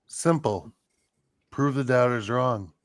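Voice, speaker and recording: Brash man with a smooth voice. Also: mid-range voice, takes it slowly, dry recording, clean studio sound. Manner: brash, interrupting. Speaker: wrestler guest. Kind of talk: wrestling trash talk.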